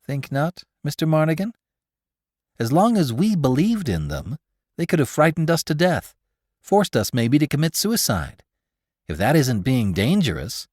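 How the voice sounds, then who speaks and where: In a dry, close audiobook reading, a man voices a slight, nervous space photographer, heavily acted with no room sound. The character's jittery, excitable lines leap around in pitch, alarmed one moment and cheerful the next, all in an earnest mood.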